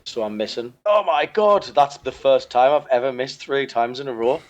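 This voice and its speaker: A man's voice: mid-range voice, expressive, normal speed, highs cut off. A man playing a tabletop game, bantering and mocking himself in casual chat. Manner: joking, self-mocking banter. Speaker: player.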